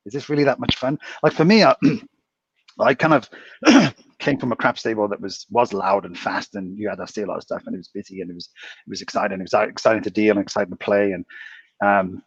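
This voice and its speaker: Casino dealer guy telling stories, clears his throat a lot, kinda muffled dry sound. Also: on the low side, a little fast, no echo. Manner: rambling storyteller, clears throat often. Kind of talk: casual chat.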